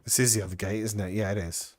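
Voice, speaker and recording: A man hosting a VR puzzle game playthrough, chatting excitedly to viewers as he explores. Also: on the low side, fast talker, slight background noise. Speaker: gaming channel host.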